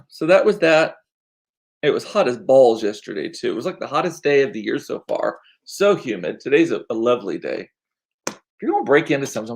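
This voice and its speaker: A man, chatting casually and rambling in a home vlog, chatty and self-deprecating. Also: mid-range voice. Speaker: vlogger. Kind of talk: casual chat.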